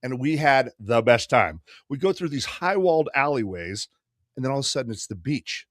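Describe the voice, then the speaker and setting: A man's voice: mid-range voice, expressive, fairly quick, dry recording, clean studio sound. A man in his fifties telling a long, profane story in casual podcast chat, slipping into the voices of the people he quotes. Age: 50s. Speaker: podcast host.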